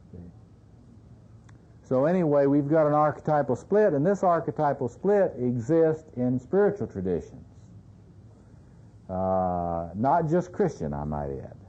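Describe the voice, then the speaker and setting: A man's voice: medium pitch, dark tone. A man giving a seminar lecture in a conversational way, often checking in with his audience. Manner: conversational, keeps checking in with "you see". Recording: dull lo-fi lecture tape.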